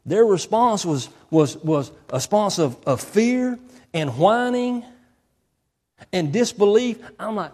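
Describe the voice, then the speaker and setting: A pastor preaching a sermon, emphatic and folksy, often repeating key phrases. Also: male voice, high-pitched, animated, takes it slowly, darkish tone, long reverb tail.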